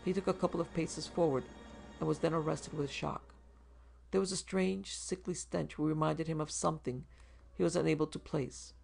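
A man narrating a macabre short story in a measured, even storytelling delivery. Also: on the high side, gravelly, soft background music. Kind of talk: scripted horror story narration.

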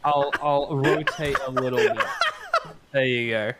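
A man's voice: a little high, animated, takes it slowly, heavy background noise. A man laughing and teasing his friends as they play a video game together. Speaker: gamer in a group. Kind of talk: casual gaming banter. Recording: loud keyboard clicks.

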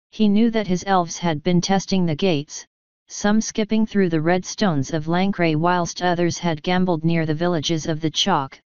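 A woman narrates an audiobook in a low, very smooth voice, measured and even. The sound is bone dry, with no room at all. It has a dull, lo-fi quality. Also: dry recording.

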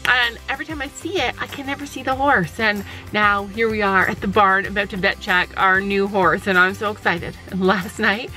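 Middle-aged woman vlogging at a horse barn, bright excited chatter, talks fast with lots of likes, faint music. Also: mid-range voice. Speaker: vlogger mother. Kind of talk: casual vlog chat.

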